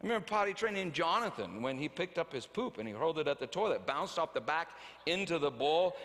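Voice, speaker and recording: A man preaching a sermon, a father telling stories about his children, animated, swinging from loud to hushed. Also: high voice, big-room sound. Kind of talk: sermon with acted anecdotes.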